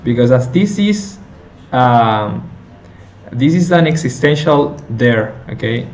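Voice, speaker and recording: A male teacher slowly explaining a lesson step by step, with many fillers and self-corrections. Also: medium pitch, lively intonation, a little mellow, a little hiss or hum. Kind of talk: recorded lecture on intonation.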